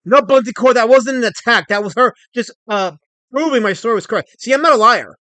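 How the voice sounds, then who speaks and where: A man's voice: very high voice, brisk, sharp tone, no room sound. A man hosting a livestream, talking in a mock-pompous way to his chat, often stammering and repeating himself. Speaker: livestream host.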